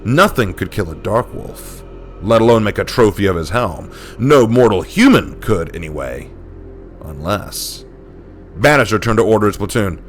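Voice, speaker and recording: A man telling a dark war story in a steady, dramatic scripted narration. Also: on the low side, moderate pace, faint music behind.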